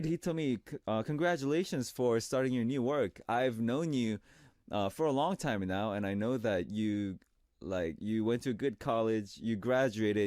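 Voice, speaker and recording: A man hosting a radio show, chatting warmly and reading listener messages on air. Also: fairly low pitch, no echo, studio quality. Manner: upbeat and chatty, reads messages in a brighter voice. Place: radio studio.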